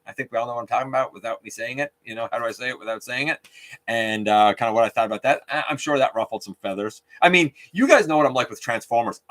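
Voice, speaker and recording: A man's voice: medium pitch, a bit bright. A man hosting a casual live stream, chatting openly and outspokenly while reading out viewer comments.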